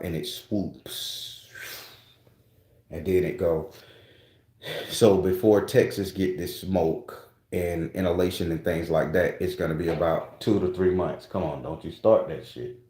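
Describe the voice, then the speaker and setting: Man, very low voice, loose rambling casual talk, cursing, roomy echo. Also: warm tone. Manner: loose, rambling, profane, with restarts. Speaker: spiritual channel host. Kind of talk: casual monologue to viewers.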